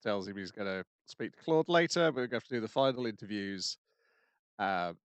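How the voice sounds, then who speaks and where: A man's voice: on the low side, animated, clear, resonant tone, no echo. Guy recapping an anime ep, lots of uhs, dry mic, no room sound. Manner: halting, many fillers. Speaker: podcast co-host. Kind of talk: casual plot recap.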